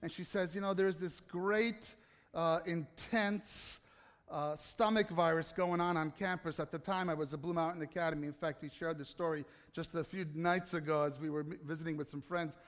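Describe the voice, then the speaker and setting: A man preaching to an audience, telling a self-mocking personal story in an animated way with asides to the crowd. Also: a little high, moderate pace. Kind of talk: storytelling sermon. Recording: hall reverb.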